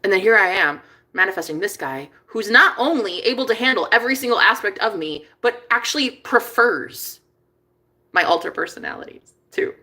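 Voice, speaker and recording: A woman talking casually to camera in a confessional vlog, chatty and profane, swinging between hushed and excited. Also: medium pitch, normal speed. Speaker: vlogger and manifestation coach.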